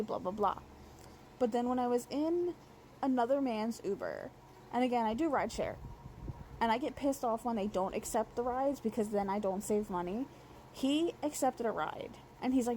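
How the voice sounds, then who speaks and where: A woman's voice: fairly high pitch, normal speed, gravelly, warm tone, a little hiss or hum, rough recording. A young woman telling a rideshare story in a casual, exasperated rant, full of swearing and run-on sentences.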